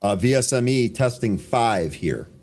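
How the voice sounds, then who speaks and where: Brisk man calling live market moves. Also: medium pitch, expressive, darkish tone. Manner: brisk, dry, sarcastic asides. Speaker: trading show co-host.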